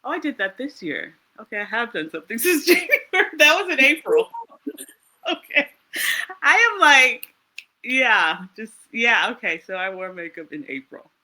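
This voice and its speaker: An American woman telling travel stories in casual chat, animated and laughing often. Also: fairly high pitch, normal speed. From United States. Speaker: interview guest.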